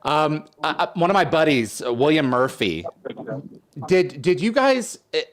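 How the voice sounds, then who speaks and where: A man's voice: a little high, sing-song, a little slow, slight background noise. A man hosting a casual interview, asking enthusiastic, chatty questions. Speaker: podcast host.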